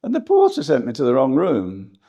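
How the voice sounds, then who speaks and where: An older English historian reminiscing in an interview, rambling and hesitant, with frequent laughs. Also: male voice, mid-range voice, huge pitch swings, brisk, creaky, mellow. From England. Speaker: historian guest.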